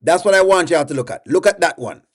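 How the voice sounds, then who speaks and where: A man's voice: a little high, animated, fast. A man with a Jamaican accent hosting a casual livestream, coaxing viewers and repeating himself as he reads their comments aloud.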